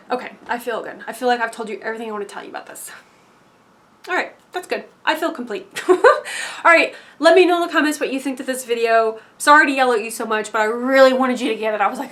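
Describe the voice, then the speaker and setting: A young woman talking straight to camera in an emphatic motivational monologue, swinging between loud insistence and hushed asides. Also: fairly high pitch. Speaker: spiritual vlogger.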